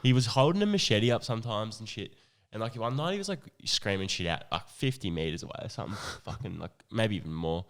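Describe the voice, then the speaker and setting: A man's voice: lowish voice, animated, quick pace, a bit bright. A young adult man, co-hosting a podcast in a laid-back, sweary chat. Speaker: podcast co-host. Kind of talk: casual chat.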